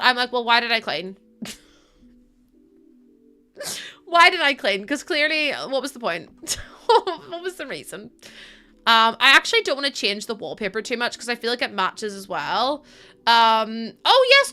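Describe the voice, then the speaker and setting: A woman's voice: on the high side, sharp tone, smooth. A woman, chatting casually on a live stream as she builds in a game, tired from little sleep and rambling with fillers and laughs.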